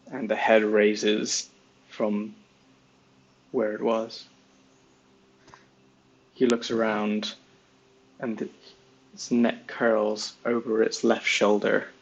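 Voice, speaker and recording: A man narrating a tabletop fantasy game as game master, describing scenes in a measured way with pauses. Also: lowish voice, a bit bright, rough recording.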